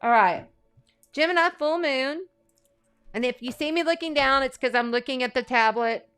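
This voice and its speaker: A woman's voice: high voice, moderate pace, a bit bright, smooth, dry recording, soft background music. A woman hosting a live astrology and tarot stream, talking in a chatty, rambling and folksy way. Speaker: astrology and tarot livestream host. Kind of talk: casual livestream chat.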